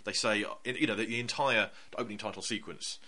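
A man's voice: on the low side, fast talker. A man chatting casually about films as a podcast co-host, telling stories and acting out his own thoughts. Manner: animated storyteller, acts out his own thoughts in quotes.

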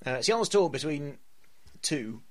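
A man's voice: on the high side, very animated, moderate pace. A man hosting a podcast, giving chatty and opinionated film talk with a wry edge. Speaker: podcast host. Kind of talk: casual film chat.

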